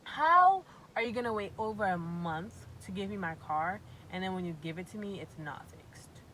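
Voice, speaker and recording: A young woman from Massachusetts tells a storytime vlog in a bright, forceful voice. She is animated, profane and exasperated, with a faint rumble behind her. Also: moderate pace, rough recording. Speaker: vlogger.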